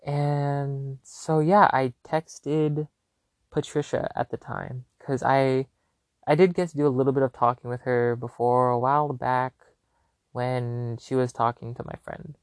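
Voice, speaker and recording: A young man chats through a personal story on his own podcast, loose and animated, circling back with lots of fillers. His voice sits in an ordinary middle register, and the sound is dry and close with no room around it. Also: medium pitch, a little slow, no room sound. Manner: animated, rambling, filler-heavy. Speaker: podcast host. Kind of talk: casual storytelling.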